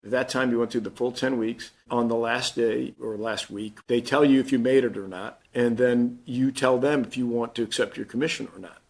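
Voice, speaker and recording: A man's voice: medium pitch, steady tone, normal speed, hardly any pauses. A man in his fifties, a Marine Corps general, telling his story plainly in an interview and acting out the dialogue he quotes. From Missouri.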